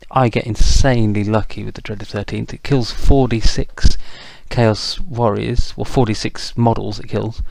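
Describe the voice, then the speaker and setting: Guy talking through his tabletop battle, lots of ums, kinda gravelly, pretty monotone. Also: on the low side, measured pace, few pauses, no echo. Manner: chatty, self-deprecating, lots of ums. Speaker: battle report narrator. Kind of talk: casual game recap narration.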